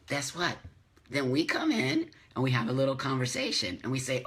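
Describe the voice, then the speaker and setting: A man hosts a casual live morning stream and reads viewer comments aloud. He rants with force and hammers his points home by repeating lines. His pitch sits in the usual middle for a man. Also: sing-song, normal speed, fairly bright tone. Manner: emphatic, ranting, repeats phrases for stress. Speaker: host of a live morning show. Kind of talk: casual livestream chat reading viewer comments.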